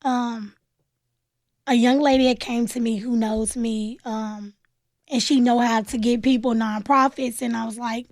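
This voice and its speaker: A woman's voice: on the high side, measured pace, no room sound, studio quality. A woman, telling her own story as a guest in a radio interview and acting out the voices she quotes. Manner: animated, acts out quoted voices, plainspoken. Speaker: nonprofit founder, interview guest.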